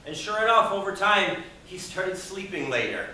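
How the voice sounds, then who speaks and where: Male motivational speaker, bright tone, high-ish voice, echoey hall-like room from a distance. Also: normal speed, slight background noise. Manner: expressive, acts out quoted people, audience questions. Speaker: Toastmasters speaker. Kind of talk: motivational speech to a live audience. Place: meeting room with audience.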